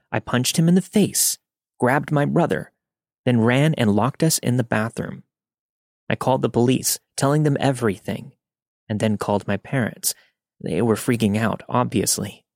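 A man reading scary first-person stories aloud in a steady, even narrator's voice. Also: fairly low pitch, no room sound, clean studio sound. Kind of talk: scripted horror story narration.

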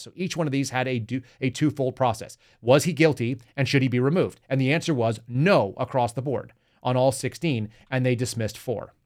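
A man hosting a political commentary podcast, reading news aloud and reacting with sarcastic, mocking remarks aimed straight at his listeners. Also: mid-range voice. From Texas. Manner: talks to the audience directly, reads news aloud. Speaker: podcast host.

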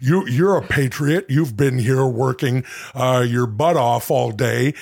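A man doing an impression of a gruff, blustering older tough guy, ranting with indignant mock-patriotic bluster in an improvised comedy bit. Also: medium pitch, a little slow, a little mellow. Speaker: comedy podcast host.

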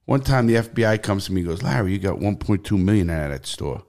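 Lively, profane New York man. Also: deep voice, fast talker. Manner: profane, animated, blunt. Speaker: podcast guest. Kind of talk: casual interview storytelling.

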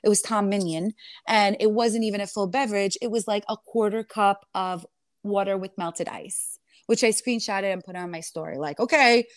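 A woman guest in an interview tells her story emphatically, firing off indignant rhetorical questions. Her voice sits at a middling pitch. The recording is close and dry, with no room sound. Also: moderate pace, dry recording. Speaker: reality TV star guest.

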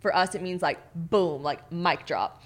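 A young woman guest on a podcast, telling animated stories with lots of fillers. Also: fairly low pitch, a little slow. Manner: animated storytelling, giggly, many fillers. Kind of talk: casual chat.

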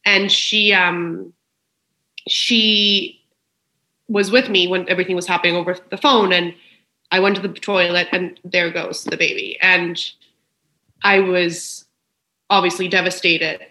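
A woman's voice: on the low side, little pitch movement, unhurried, long pauses, bright, forceful tone. A woman speaking as a podcast guest in a frank, emotional, personal conversation, swearing freely. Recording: roomy echo.

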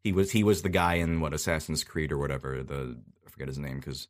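A male voice actor, a podcast guest, talking casually and explaining at length with many pauses. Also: extremely low pitch.

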